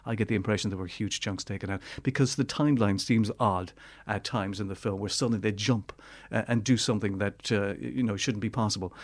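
A man's voice: on the low side, fairly even intonation, brisk, hardly any pauses. A man reviewing films in casual chat, rambling and hesitant with many fillers. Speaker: film reviewer.

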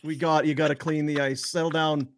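A man's voice: fairly high pitch, level tone, fairly quick. A man co-hosting a casual sports podcast, wisecracking and mock-exasperated. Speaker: podcast co-host.

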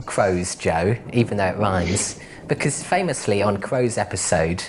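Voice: sits low, expressive, unhurried, background noise. A podcast co-host in casual comedic banter, teasing and argumentative.

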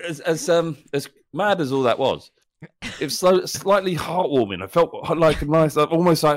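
A man's voice: fairly high pitch, animated, moderate pace, no echo, clean studio sound. A man co-hosting a comedy podcast, playfully spinning absurd stories in casual chat. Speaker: podcast co-host.

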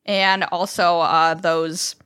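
A woman co-hosting a podcast, telling childhood family stories in a lively, casual way, swearing freely and acting out what others said. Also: on the low side, slow pace, smooth, no room sound, studio quality. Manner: animated, swears freely, acts out quotes. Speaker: podcast co-host. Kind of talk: casual storytelling chat.

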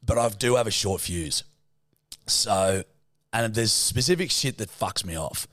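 A young adult man with an Australian accent, co-hosting a podcast and telling an animated, sweary story in casual chat. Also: fairly low pitch, a little slow, no room sound. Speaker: podcast co-host.

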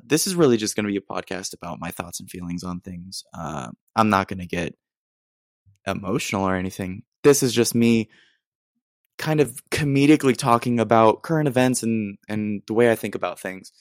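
A man's voice: on the low side, animated, moderate pace, vocal fry, dry recording, clean studio sound. A young American man hosting a casual solo podcast, rambling in a self-deprecating way with lots of ums and restarts. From United States. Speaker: podcast host.

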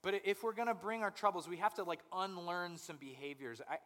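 A young man preaching a conversational sermon as pastor, animated and acting out people's inner voices. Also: high voice, brisk, in a large hall.

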